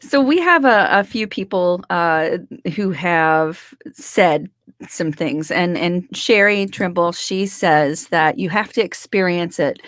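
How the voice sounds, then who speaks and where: Enthusiastic young woman co-host, slightly low voice, dry close sound. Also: slow pace, a bit bright, no echo. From United States. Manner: enthusiastic, repeats words as she restarts. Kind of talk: casual podcast chat.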